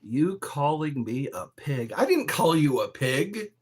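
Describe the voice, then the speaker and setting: A man livestreaming from his bedroom, talking slowly and drawing out his words. His husky voice swoops up and down a lot as he rambles and defends himself. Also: a little high, sing-song. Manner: rambling and defensive, drawn-out phrases. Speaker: live streamer. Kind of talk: casual live-stream chat. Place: bedroom at home.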